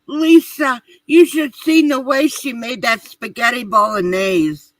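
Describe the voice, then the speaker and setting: A speaker on a live radio chat who talks slowly and sounds exasperated, swearing freely. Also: medium pitch, fairly bright tone, no echo, poor audio.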